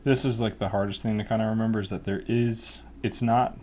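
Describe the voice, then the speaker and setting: A cartoonist casually talking through a drawing lesson in a relaxed, rambling way. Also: male voice, fairly low pitch, fairly quick, a little hiss or hum. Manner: relaxed, rambling, laughs often.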